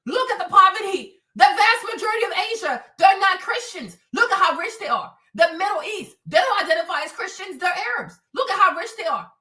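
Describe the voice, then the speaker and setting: High, animated woman preaching on stream. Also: brisk, hardly any pauses, echoey room, far from the mic. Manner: emphatic, repetitive, animated. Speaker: livestream host. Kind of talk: preachy casual livestream talk.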